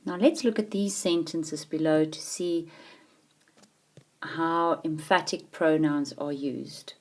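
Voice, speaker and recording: A woman teaching grammar in a patient, explaining way, leaning hard on key words. Her voice sits a little low and sounds mellow and warm. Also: fairly even intonation, slow. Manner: clear, patient explaining with emphatic stresses. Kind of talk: grammar lesson.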